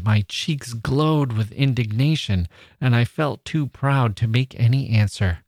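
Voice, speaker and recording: A podcast host, a man, reading a passage from an old novel in a measured, expressive way. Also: medium pitch, dry recording, clean studio sound.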